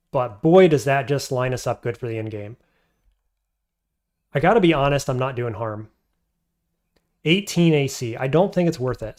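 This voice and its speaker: In a darkish, medium-pitched voice, a man talks through a game he's streaming live. He weighs his options aloud and answers chat in a casual commentary style.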